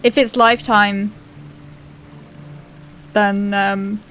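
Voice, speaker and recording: A woman's voice: medium pitch, level tone, extremely slow, a bit bright, soft background music. A woman streaming a game, chatting casually and giggling with viewers. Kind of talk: casual chat.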